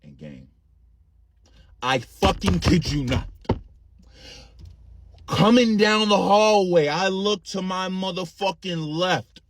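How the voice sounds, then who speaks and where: A man's voice: high voice, animated, slow, pauses often. A young man casually telling a funny story in slangy, profane speech. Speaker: comedic storyteller.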